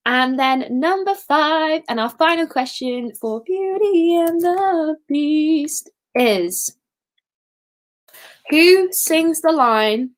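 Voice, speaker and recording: Chatty high-voiced woman hosting a quiz. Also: animated, drawn-out words. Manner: chatty and giggly, sings snippets. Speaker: quiz host. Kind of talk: casual live-stream quiz.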